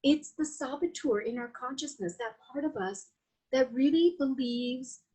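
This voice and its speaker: Latina woman with a husky, high voice. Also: unhurried, mellow, low-quality recording. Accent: Latin American Spanish. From Latin America. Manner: flowing, reflective, with frequent restarts and fillers. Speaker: guest, Vedic astrologer. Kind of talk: conversational podcast interview.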